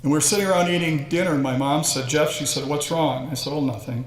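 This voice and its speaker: A man's voice: a little high, fast. Man in his 60s telling stories. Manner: humorous, self-deprecating storytelling. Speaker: hall of fame inductee giving a speech. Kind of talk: storytelling speech. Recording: echoey hall with faint ambience.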